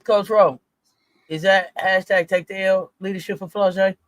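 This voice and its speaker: A man's voice: high voice, fairly even intonation, normal speed, no room sound. A man co-hosting a casual sports podcast, teasing his partner and repeating phrases. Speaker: co-host.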